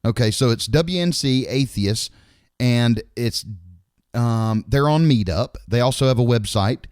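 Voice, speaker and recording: A man's voice: mid-range voice, a little slow, darkish tone, clean tone, dry recording, studio quality. A middle-aged man, co-hosting a podcast in casual chat, rambling and bluntly swearing. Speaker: podcast co-host.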